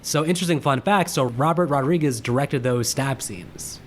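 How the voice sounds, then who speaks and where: A man's voice: mid-range voice, moderate pace. A man co-hosting a casual movie podcast, chatty and rambling as he shares film trivia. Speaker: podcast co-host.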